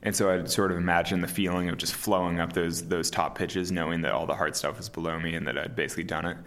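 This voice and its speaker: A man in his thirties, an interview guest talking casually and calmly, with many fillers and restarts. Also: sits low, fast talker. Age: 30s. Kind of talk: casual conversation.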